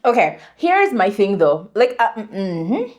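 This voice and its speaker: A woman co-hosting a podcast in casual chat, animated and switching between English and Swahili. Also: mid-range voice, measured pace. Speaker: podcast co-host.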